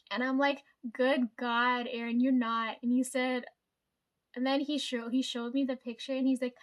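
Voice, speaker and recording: A woman with a slightly high voice tells stories about her coworkers in a loose, rambling way. She swears freely and fills the gaps with fillers and little laughs. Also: level tone, a little slow, pauses often. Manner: chatty, swears a lot, frequent fillers and laughs. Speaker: vlogger telling work stories. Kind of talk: casual storytime chat.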